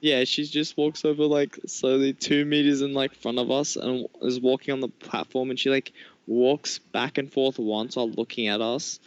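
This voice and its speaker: A man's voice: medium pitch, flat delivery, normal speed, clear, resonant tone, highs cut off. A young man telling a story in casual podcast chat, rambling and filling it with "like". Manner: rambling storyteller, full of "like" and restarts. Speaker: podcast co-host.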